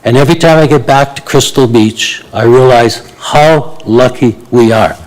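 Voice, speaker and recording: An elderly man in his eighties speaks to a council meeting with blunt indignation. He hesitates with frequent fillers, and his voice sits at a middling pitch. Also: normal speed, darkish tone, low-quality recording. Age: 80s. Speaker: resident speaking at a public meeting. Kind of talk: public delegation to council.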